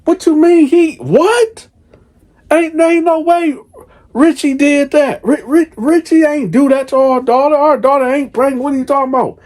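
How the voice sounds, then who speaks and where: A man voicing a frantic wife who confronts her husband in a shrill, pressing way. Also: moderate pace, a little mellow. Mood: shocked.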